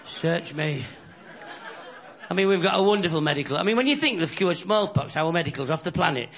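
A man's voice: a little high, expressive, fast, fairly bright tone. A man with a Yorkshire accent doing a chatty stand-up comedy routine, telling jokes in a self-deprecating way to a live club audience. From Yorkshire, England. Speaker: stand-up comic.

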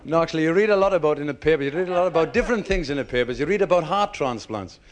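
A man telling a stand-up joke in a brisk, matter-of-fact way. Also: on the high side, expressive, background noise. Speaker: stand-up comedian.

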